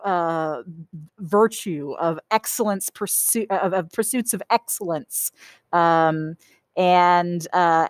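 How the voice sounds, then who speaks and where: A woman's voice: on the low side, no echo. A woman teaching an art history lecture in a conversational way, often checking in with "okay?" and "right?" and repeating key points for emphasis. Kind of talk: recorded lecture.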